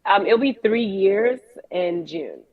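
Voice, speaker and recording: A woman's voice: mid-range voice, expressive, slow pace. A young woman from New York, a podcast co-host, talking easily as a guest on a remote call interview. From New York, USA. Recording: dull lo-fi call audio.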